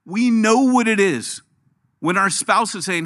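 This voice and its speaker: A middle-aged man preaching a sermon, animated, dropping his voice low and soft when he quotes. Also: a little slow. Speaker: pastor.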